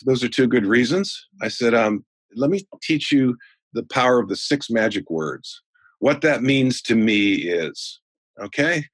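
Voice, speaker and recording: A man in his sixties, a sales trainer appearing as a guest, tells folksy anecdotes conversationally and grows animated in his stories. His voice is medium-pitched with a breathy edge, and the recording is dry.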